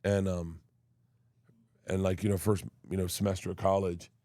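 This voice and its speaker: A middle-aged man, a comedian and guest, telling animated family stories in a casual interview and acting out voices as he goes. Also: low-pitched, normal speed, no room sound, studio quality. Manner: animated storyteller, acts out family members' voices. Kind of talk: storytelling interview chat.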